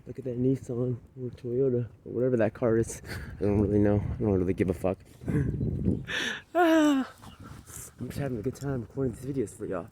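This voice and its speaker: A man's voice: medium pitch, very animated, fairly quick, background noise. A man vlogging while walking outdoors, talking into a phone on a selfie stick, brash, boastful and profane, and out of breath. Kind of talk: casual walking vlog. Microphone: phone camera on a selfie stick.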